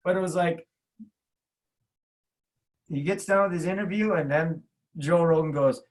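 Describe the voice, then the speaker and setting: A man in his fifties with a fairly high voice sits in as a guest, spinning long, loose stories. He trips over his words, starts over, and slips into other people's voices as he goes. His tone is casual and chatty. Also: brisk, poor audio. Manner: rambling anecdotes full of restarts, acting out other people's lines. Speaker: martial arts coach, podcast guest. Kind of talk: casual storytelling.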